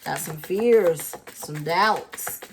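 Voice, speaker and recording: A woman's voice: deep voice, drawn-out words, background noise. A woman doing a casual tarot reading for her channel, chatty and thinking aloud with lots of fillers. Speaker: tarot reader.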